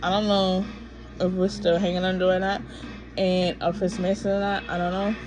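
A woman's voice: lowish voice, level tone, a little fast, music in the background. A woman vlogging a frustrated, rambling rant while drowsy from pain pills. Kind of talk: casual ranting to camera.

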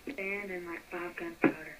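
A co-player answers in short, clipped replies, with a voice that barely moves in pitch. Loud noise sits behind the words, and the voice is hard to make out. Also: moderate pace. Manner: terse, flat answers. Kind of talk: casual gaming chat.

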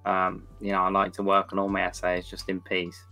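A man's voice: low-pitched, monotone, a little fast, gravelly, pushed and bright, faint music behind. A young man as a podcast guest, talking in an easygoing way. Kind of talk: casual podcast chat.

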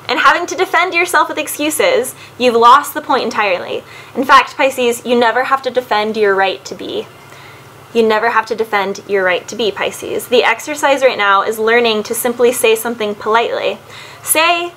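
An earnest woman with a fairly high voice talks through a tarot reading, giving advice in a casual, direct way. She keeps turning back to the listener by their sign. A faint hiss of background noise sits under her voice. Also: fairly quick, pushed and bright, rough recording. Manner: earnest and advising, repeatedly addresses the listener by zodiac sign. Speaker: tarot card reader. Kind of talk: casual spoken card reading to camera.

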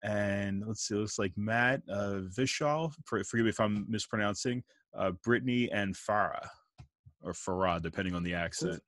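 Host: relaxed man with a lowish voice, dry video-call audio, casual friendly interviewer. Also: normal speed, no room sound. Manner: relaxed, friendly, jazz slang. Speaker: host, band director.

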